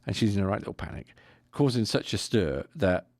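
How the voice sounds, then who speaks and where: Gravelly low-voiced man telling a story. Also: brisk, no room sound, studio quality. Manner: animated anecdote with mimicked voices and laughs. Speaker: podcast co-host. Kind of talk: casual storytelling chat.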